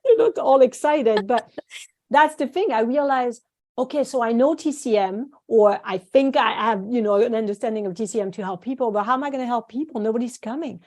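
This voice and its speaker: A woman's voice: a little high, a little fast, a little mellow. A French-born woman whose first language is French, a guest on a podcast interview, telling stories with animation and acting out quoted voices. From France. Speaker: guest, acupuncturist and course founder.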